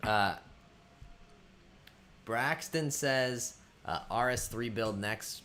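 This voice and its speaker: A man's voice: medium pitch, very slow, sharp tone. A man hosting a casual live stream who greets viewers by name and thinks aloud with lots of ums as he chats. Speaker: livestream host. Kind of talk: casual livestream chat.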